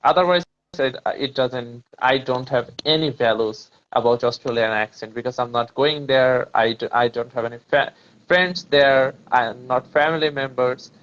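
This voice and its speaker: A man's voice: medium pitch, moderate pace, a bit bright, lo-fi sound, slight background noise. A man talking casually about English accents and exam preparation, hesitant, with many fillers and restarts. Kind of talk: casual conversation practice.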